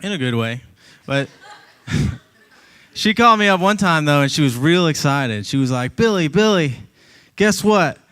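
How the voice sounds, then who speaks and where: A man from Georgia doing a stand-up comedy set in a club, talking into a handheld mic. His voice is smooth and sits a little high. He delivers his bits in a wry, laid-back, conversational way. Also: lively intonation, measured pace, pauses often, a bit bright.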